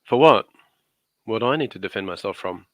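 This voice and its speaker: A man's voice: lowish voice, animated, brisk, no room sound. A man chatting casually as a guest, telling rambling stories and cracking jokes. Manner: joking, rambling storyteller. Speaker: guest on his wife's craft channel. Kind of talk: casual chat.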